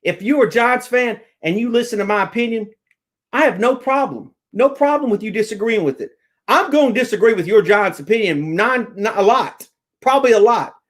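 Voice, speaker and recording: A man ranting casually to his viewers as a sports fan vlogger, excitable and rambling, stammering over restarts and swearing freely. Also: high-pitched, a little fast. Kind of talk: casual fan rant to camera.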